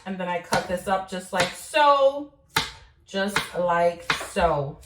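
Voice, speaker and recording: A woman's voice: mid-range voice, expressive, slow, noisy background. A young woman chatting casually as she cooks in her kitchen. She is playful and laughs at herself. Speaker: cooking vlogger. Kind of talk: casual chat while cooking. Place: home kitchen. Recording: roomy sound from a distance.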